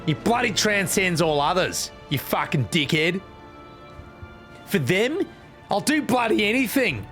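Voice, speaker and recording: A man's voice: high-pitched, sing-song, unhurried, fairly bright tone, faint music behind, voice pushed up, full character voice. A man putting on a crude, swearing Australian queen for a comedic game voice-over. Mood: brash. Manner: crude, insulting, exaggerated drawl.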